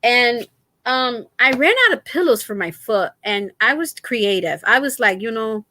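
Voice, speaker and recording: A woman's voice: a little high, lively intonation, measured pace, sharp tone, dry recording. A middle-aged woman chatting casually on a live stream from home, laughing often as she tells stories to her viewers. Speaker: crochet channel host. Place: at home, lying down with feet raised. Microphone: laptop.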